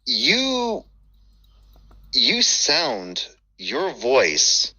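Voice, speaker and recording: A man telling stories in casual chat, profane and animated, acting out the voices he quotes. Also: mid-range voice, normal speed, poor audio.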